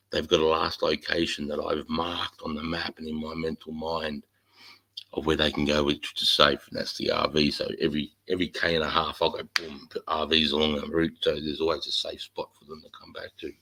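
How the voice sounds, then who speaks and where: A man's voice: extremely low pitch, pushed and bright, low-quality recording. A middle-aged man with an Australian accent, chatting bluntly and swearing freely about army life as the host. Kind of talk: casual chat.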